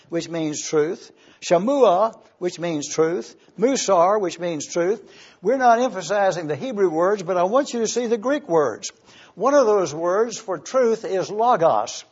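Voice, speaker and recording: A man preaching a sermon in a church, teaching slowly and emphatically and spelling out words for his congregation. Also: sits high, darkish tone, slightly rough, highs cut off. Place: church hall with a screen.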